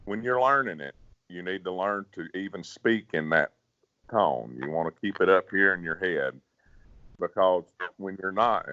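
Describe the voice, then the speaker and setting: A man who sings bass, talking folksy and casual in an interview, often repeating words. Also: moderate pace, pushed and bright, dry recording. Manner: folksy, repeats words, drops to a growl to demonstrate. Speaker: professional bass singer, guest. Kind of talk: casual interview, giving singing advice. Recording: dull, dry sound.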